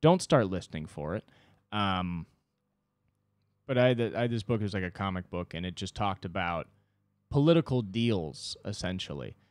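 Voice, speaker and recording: A man's voice: low-pitched, expressive, normal speed, no room sound, clean studio sound. Profane rambling solo podcast guy. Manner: casual, profane, rambling rant. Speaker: podcast host. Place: indoors, mowing heard outside. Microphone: podcast microphone.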